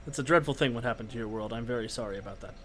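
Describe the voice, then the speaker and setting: A man voicing a tall, posh, well-dressed gentleman cyclist who speaks in a formal, courtly way, in a tabletop game. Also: mid-range voice, rapid-fire, a little hiss or hum, natural voice, low-quality recording.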